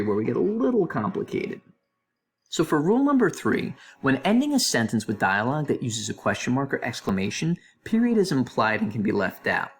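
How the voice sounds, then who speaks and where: Animated male teacher with a lively voice. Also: medium pitch, slightly rough. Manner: animated, playful asides to students. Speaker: English teacher. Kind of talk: recorded grammar review lesson.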